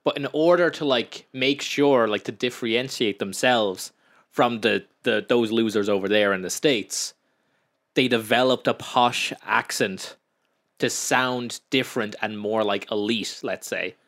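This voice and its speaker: A man's voice: mid-range voice, a little slow, a bit bright. A young Irish man co-hosting a casual podcast, telling stories at length and acting out quotes. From Ireland. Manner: chatty storyteller, acts out quotes in raised voices. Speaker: podcast co-host. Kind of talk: casual chat.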